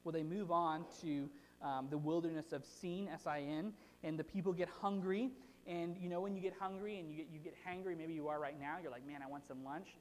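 A preacher giving a casual, conversational sermon, retelling a story in a chatty, animated way and checking in with the audience by asking "right?". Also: mid-range voice, fairly quick. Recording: long hall reverb.

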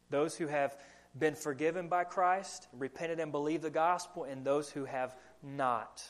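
A young adult man with a country accent preaching a sermon as pastor, earnest and asking the congregation questions. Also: a little high. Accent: American Southern country.

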